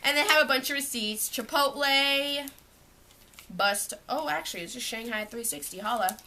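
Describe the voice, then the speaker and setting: A woman's voice: sits high, normal speed, noisy background. A young woman from Canada, chatting casually at home as she shows what is in her school bag, rambling with lots of "like.". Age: young adult. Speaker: vlogger. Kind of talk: casual show-and-tell vlog. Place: at home, indoors.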